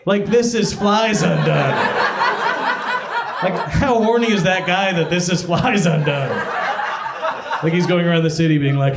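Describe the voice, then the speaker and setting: A man's voice: fairly high pitch, normal speed, background noise. A young man performing a self-deprecating stand-up comedy set at a party venue, often laughing at his own jokes. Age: young adult. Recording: echoey room with crowd laughter.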